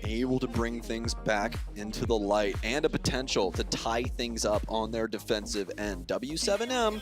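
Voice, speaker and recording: A man's voice: fairly low pitch, expressive, normal speed, over music. A man giving esports color commentary, analytical with sarcastic jokes.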